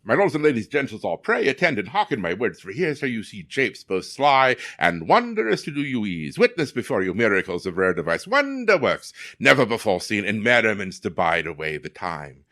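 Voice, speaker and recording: A man's voice: on the low side, big pitch swings, moderate pace, hardly any pauses, pushed and bright, exaggerated voice. A man voicing a pompous Renaissance fair herald in a light put-on English accent, proclaiming in grand archaic phrases. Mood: grandiose.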